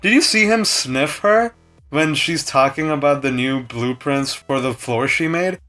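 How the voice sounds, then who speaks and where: A young man casually reviewing a TV episode with strong opinions, breaking into quick impressions of the characters. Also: a little high, faint music behind. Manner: chatty, opinionated, animated impressions. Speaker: TV show reviewer.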